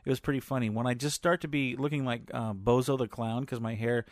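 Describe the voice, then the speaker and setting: A man's voice: mid-range voice, steady tone, fairly quick, no room sound, studio quality. A man in his forties hosting a podcast, telling family stories in a rambling, chatty way with lots of fillers. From US Pacific Northwest. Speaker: podcast host. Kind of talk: casual personal chat.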